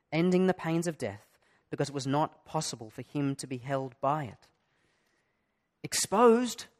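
A middle-aged male pastor preaching a sermon in an earnest way, asking his listeners many direct questions. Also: high-pitched.

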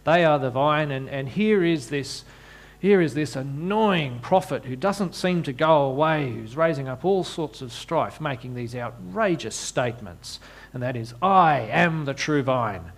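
Slow-talking male preacher with wry asides. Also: a little high, animated. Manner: frequent repeated words and restarts, wry asides. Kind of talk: sermon.

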